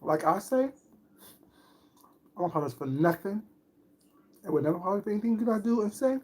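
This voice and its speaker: A woman's voice: mid-range voice, lively intonation, fast, warm tone. A woman on a livestream, commenting on online drama with sarcastic rhetorical questions. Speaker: streamer.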